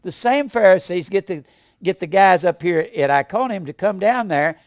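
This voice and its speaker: A man's voice: moderate pace, dry recording. Folksy preacher man, dry close sound. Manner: folksy, animated, swings from loud emphasis to low asides. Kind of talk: sermon.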